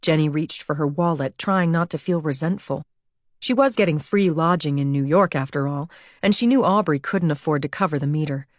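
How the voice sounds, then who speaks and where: A woman narrating an audiobook with even, measured storytelling. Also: low-pitched, no room sound, clean studio sound. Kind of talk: scripted narration.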